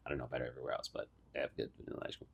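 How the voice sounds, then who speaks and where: A man's voice: very deep voice, flat delivery, very fast, vocal fry, breathy edge, muffled recording. A young man co-hosting a podcast in casual chat, teasing his co-host bluntly and swearing freely. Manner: blunt, teasing and heavily profane.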